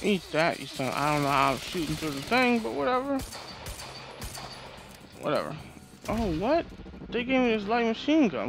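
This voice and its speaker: With game music playing underneath, a male streamer casually narrates a shooter as he plays, cursing and trash-talking enemies in frustration. His voice is high and sing-song, at a moderate pace with long pauses.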